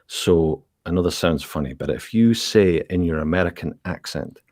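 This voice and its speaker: A Scottish man with a very low, deep voice talks through a casual chat, explaining things with examples and laughing easily. His voice is recorded close and dry, with no room sound. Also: moderate pace, darkish tone, no room sound. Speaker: guest ASMR creator.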